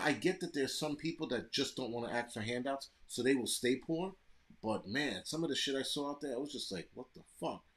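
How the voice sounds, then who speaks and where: Brief: American man, mid-pitch, profane live-stream host, blunt ranting. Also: fairly bright tone. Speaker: livestream host reading chat. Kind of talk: profane casual live chat.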